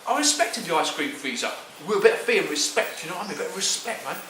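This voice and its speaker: A man's voice: high voice, very fast, reverberant, a little hiss or hum. A man with a Cockney accent telling a comic story in rhyming slang, chatty and peppered with "right" and "mate". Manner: chatty, full of "right" and "mate", jumps up into excited squawks.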